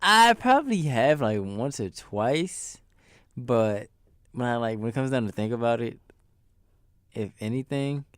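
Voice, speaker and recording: A man's voice: medium pitch, expressive, a little slow, dry recording, studio quality. A young man from DC, co-hosting a podcast and rambling through stories in casual, slangy chat. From Washington DC. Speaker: podcast co-host.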